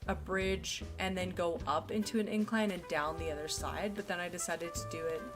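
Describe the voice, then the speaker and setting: A woman's voice: lowish voice, steady tone, moderate pace. A young woman chatting casually while live-streaming a game, sleepy and yawning, rambling and giggly as she talks to her chat. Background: faint background music.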